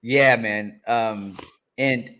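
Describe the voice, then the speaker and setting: Man, podcast co-host, mid-pitched voice, easygoing casual chat. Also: fairly even intonation, drawn-out words, pushed and bright. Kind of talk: casual fight analysis chat.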